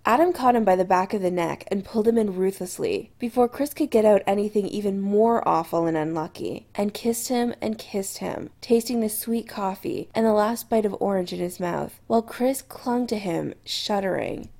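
A woman narrating a story aloud in an expressive, storytelling manner. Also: mid-range voice, moderate pace, creaky, few pauses. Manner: expressive storytelling with lively intonation. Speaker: audiobook narrator. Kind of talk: scripted narration.

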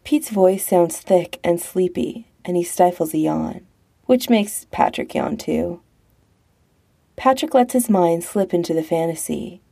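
Slow, gravelly woman narrator. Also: lowish voice, expressive, mellow. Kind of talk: audiobook narration of a romance story.

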